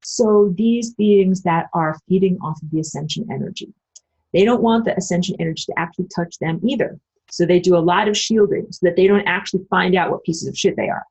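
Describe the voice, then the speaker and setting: A woman talking casually about spiritual ideas and answering her live chat, acting out quoted voices with big jumps in pitch and swearing bluntly. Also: fairly quick, a little mellow, slightly rough, highs cut off. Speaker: spiritual channel host.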